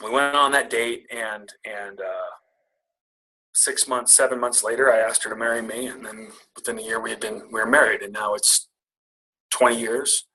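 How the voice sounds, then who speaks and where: Man, middle-aged, bright tone, candid storytelling, motivational talk. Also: lowish voice, fairly even intonation, moderate pace, rough recording. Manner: candid, self-deprecating storyteller. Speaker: guest speaker. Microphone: call audio.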